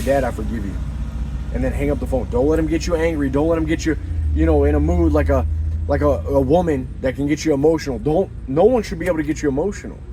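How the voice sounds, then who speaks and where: A man's voice: mid-range voice, noisy background. A young man giving rambling, earnest life advice in a casual motivational monologue, often restarting his sentences.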